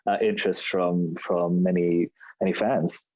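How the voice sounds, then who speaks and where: A man's voice: low voice, level tone, measured pace, a little mellow, dry recording, muffled recording. A man co-hosting a podcast, chatting casually and rambling through his reviews with frequent restarts. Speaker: podcast co-host.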